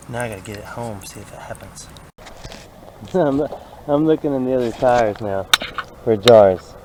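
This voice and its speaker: A man, chatting excitedly to himself and his viewers as he searches a creek outdoors. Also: mid-range voice. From Alabama. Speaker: vlogger. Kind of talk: casual outdoor narration. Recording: outdoor recording with clear background noise.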